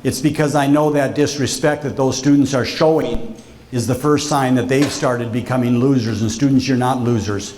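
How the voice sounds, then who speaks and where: A man telling stories to a school assembly, theatrical and calling out to the students again and again. His voice sits at an ordinary middle pitch. A faint hum of the auditorium runs behind him. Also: fairly even intonation, normal speed, a little mellow. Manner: theatrical, addresses students directly. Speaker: visiting author speaking at a school. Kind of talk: storytelling talk to a school assembly.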